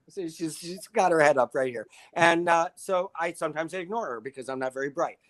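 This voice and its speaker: Older man, slightly high voice, wry, self-mocking, rambling stories. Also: a little fast, hardly any pauses, a bit bright. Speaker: guest. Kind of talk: casual interview chat.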